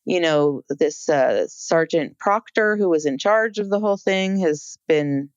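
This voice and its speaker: A woman's voice: sits low, expressive, a little slow, smooth, dry recording, highs cut off. A woman co-hosting a podcast, talking casually about a court case, with many fillers and restarts. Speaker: podcast co-host.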